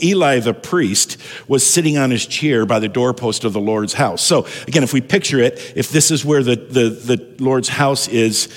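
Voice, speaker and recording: A man preaching a sermon as pastor, talking conversationally and often restarting and repeating words. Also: medium pitch. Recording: long hall reverb.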